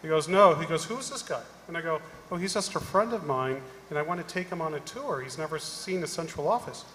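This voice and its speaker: A middle-aged man on a conference panel, telling an animated story and acting out the people in it. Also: fairly high pitch, brisk, a little hiss or hum. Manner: animated anecdote-telling, acting out quoted voices. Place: large conference hall. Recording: echoey hall, live panel mic.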